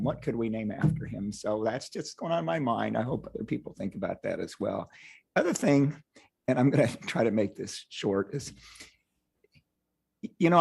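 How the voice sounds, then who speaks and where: A man's voice: medium pitch, creaky, darkish tone, slightly rough. A male commissioner giving folksy, rambling tribute remarks at a public meeting, often repeating his words.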